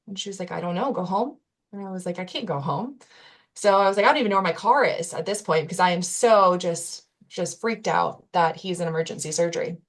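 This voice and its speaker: A woman with a lowish voice for her sex talks through a personal story as a podcast guest. She sounds earnest and candid, with casual fillers and self-corrections along the way. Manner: earnest, candid retelling with frequent "like" and restarts.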